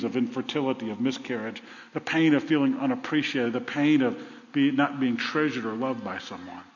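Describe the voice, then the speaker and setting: A man preaching a sermon, dramatic and humorous, acting out the lines of people in the story. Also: medium pitch. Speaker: pastor. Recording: dull sound with long hall reverb.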